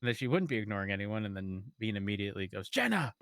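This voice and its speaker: A man chats in character as a police officer, teasing the others and laughing often. His voice is bright and ranges widely in pitch, with a dry, close sound. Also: very animated, fast, no room sound. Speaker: police officer in role-play. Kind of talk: in-character role-play chat.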